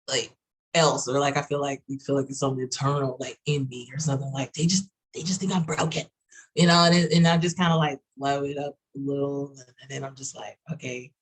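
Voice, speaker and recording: Texas lady talkin quick on a video call, kinda breathy raspy, lots of "like". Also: low voice, poor audio. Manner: fast-talking, fillers and run-on sentences. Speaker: roundtable participant. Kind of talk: casual group video chat.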